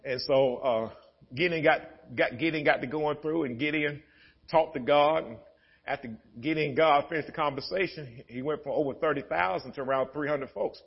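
Man, pastor, sermon, husky voice, dull lo-fi recording, storytelling that breaks into shouts. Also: a little high, moderate pace. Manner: swings from easy storytelling to shouted, laughing preaching. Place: church sanctuary.

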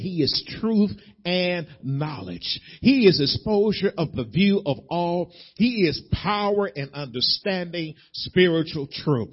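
A man preaching a sermon as pastor. He builds repeated phrases up to loud peaks and then drops to low, quiet asides. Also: slightly rough. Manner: preaching with rising emphatic repetition, dropping to low intimate asides. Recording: muffled lo-fi sermon recording.

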